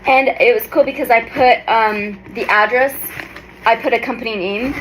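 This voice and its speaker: A woman in her thirties doing an excited unboxing vlog, gushing and exclaiming often. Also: fairly high pitch, normal speed, slight background noise, rough recording. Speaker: tarot reader and vlogger.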